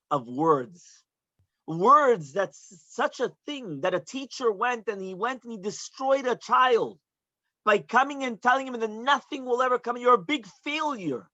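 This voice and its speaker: Rabbi giving a sermon, dull recording. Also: male voice, very high-pitched, pushed and bright, no room sound. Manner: explains Hebrew phrases in English, asks listeners "yeah?". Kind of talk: sermon with storytelling. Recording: dull, dry close recording.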